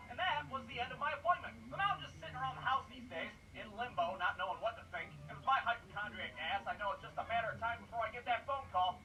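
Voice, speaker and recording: A man telling a self-mocking, profane comedy story as narration for his animated cartoon. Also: very high voice, fast, few pauses, distant mic, slight background noise, low-quality recording.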